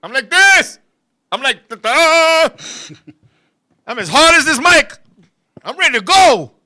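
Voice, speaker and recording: High, bright-voiced loud comic storyteller man. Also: slow. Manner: loud, animated, crude, laughing between lines. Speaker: host. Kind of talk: comic storytelling on a talk show.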